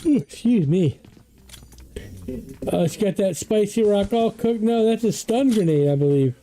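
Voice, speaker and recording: An esports caster doing play-by-play commentary, chatty and excitable, with the voice jumping up on every knockdown. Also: measured pace, slight background noise, poor audio. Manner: excitable, pitch jumps on knockdowns; chatty asides about the broadcast controls.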